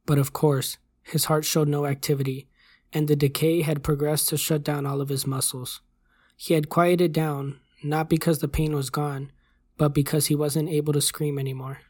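A host reading a horror story aloud in a measured, even voice at a close mic. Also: medium pitch, breathy edge, dry recording. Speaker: host and narrator. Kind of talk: scripted horror story narration.

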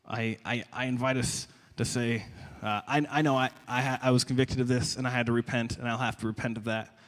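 A young man preaching a sermon in a conversational, animated way, often stumbling and repeating words. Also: mid-range voice, fairly quick. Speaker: pastor. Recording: long reverb of a large hall.

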